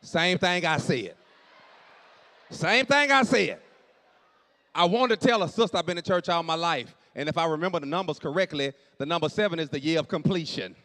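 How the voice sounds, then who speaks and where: A man doing stand-up comedy in a church, telling stories with animated delivery, acting out dialogue and shouting punchlines to a live audience. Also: on the high side, fast talker, hardly any pauses.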